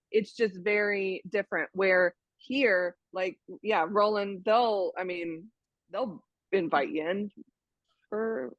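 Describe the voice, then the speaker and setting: A woman's voice: medium pitch, slow pace, dry recording. An American woman chatting casually as an interview guest, telling stories with many restarts over a video call. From United States. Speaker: guest, dating site member. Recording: dull, dry lo-fi sound.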